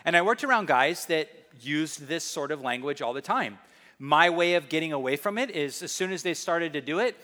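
Middle-aged pastor guy preaching, bright tense voice, bit high, slow emphatic, echoey church hall. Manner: emphatic storytelling, slow deliberate scripture reading. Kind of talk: sermon.

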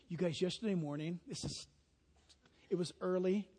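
High-voiced animated preacher in a hall. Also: male voice, brisk, breathy edge. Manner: animated storytelling, imitating honking geese. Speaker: pastor. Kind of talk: sermon.

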